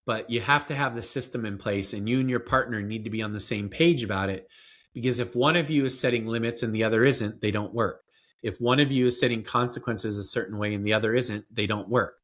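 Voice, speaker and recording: A man's voice: lowish voice, brisk, fairly bright tone. A man being interviewed as a parenting expert, explaining in an earnest, conversational way with fillers and restarts.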